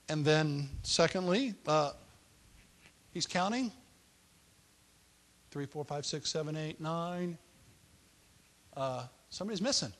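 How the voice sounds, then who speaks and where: A man's voice: on the high side, measured pace, pauses often, fairly bright tone. A man preaching a sermon in a playful, conversational way with joking asides.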